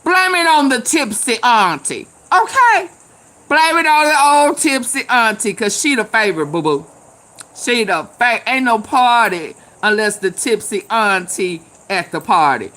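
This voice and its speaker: Tipsy woman, slow drawl, bright and forceful, loud laughs, swears at viewers. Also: fairly high pitch, animated. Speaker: live stream host. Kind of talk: casual live chat with viewers.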